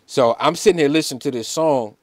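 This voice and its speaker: A man, a musician guest on an interview show, telling a personal story in an animated, emphatic way, full of "like" fillers. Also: on the high side, quick pace, dry recording, studio quality. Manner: emphatic, preacher-like insistence.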